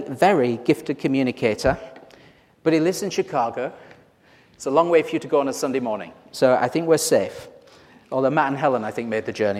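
A man's voice: mid-range voice, darkish tone, in a large hall. A man leading a church course, speaking earnestly and then lightly as he introduces a video.

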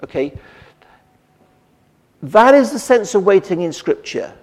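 A man delivers a sermon in a relaxed, conversational way, restarting phrases and asking the congregation rhetorical questions. His voice sits a little high for a man. It carries the long reverb of a church hall. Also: a little slow. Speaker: preacher.

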